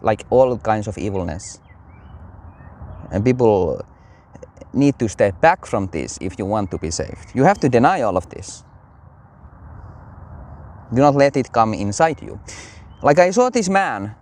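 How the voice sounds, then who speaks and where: A man talks through religious commentary in a loose, rambling way, full of fillers and restarts. His pitch swings widely as he goes. It sounds like casual commentary, not a polished sermon. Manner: rambling, animated, many fillers.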